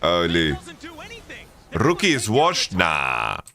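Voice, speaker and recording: A man co-streaming an esports match, talking over the action in a lively, swooping voice. His tone is bright and forceful, and he flips easily into loud, exasperated rants. He sounds close to a desk mic. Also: deep voice, extremely slow, faint music behind. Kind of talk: live esports watch-along commentary.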